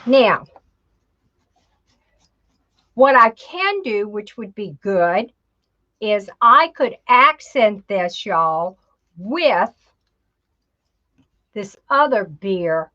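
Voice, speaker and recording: A woman's voice: medium pitch, sing-song, drawn-out words, pauses often, bright, forceful tone. A woman hosting a craft tutorial, chatting and talking to herself as she works. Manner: chatty, talks to herself while working, says y'all. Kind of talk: casual crafting demonstration. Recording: dull lo-fi home video audio.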